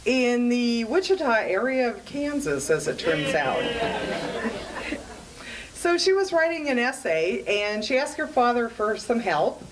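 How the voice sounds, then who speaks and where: A woman telling a comic story at a club evening, with a slow, amused delivery. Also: a little high, background noise. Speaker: joke teller at a club event.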